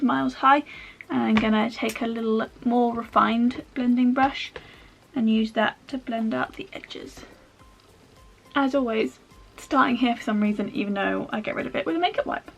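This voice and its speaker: A woman's voice: fairly high pitch, creaky, fairly bright tone, dull audio. A woman chatting her way through a makeup tutorial at home, rambling with self-mocking asides as she works. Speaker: makeup vlogger.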